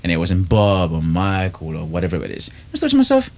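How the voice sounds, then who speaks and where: A man's voice: sits low, wildly swooping pitch, quick pace, darkish tone. A man, hosting a casual podcast chat in a reflective, earnest way. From inner London. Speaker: podcast host.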